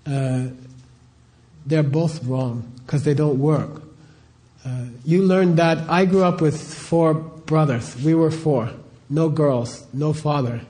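A man's voice: a little high, takes it slowly, mellow. A middle-aged man giving an informal spiritual teaching talk, conversational, often asking his listeners rhetorical questions and checking in with "okay?".

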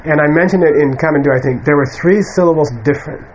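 A man's voice: on the high side, fast talker, a little mellow. Man teaching a class, muffled recording. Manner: conversational, many fillers and asides. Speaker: Buddhist teacher. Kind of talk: informal dharma lecture to students. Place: lecture room with an audience. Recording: muffled lo-fi room recording with faint hiss.

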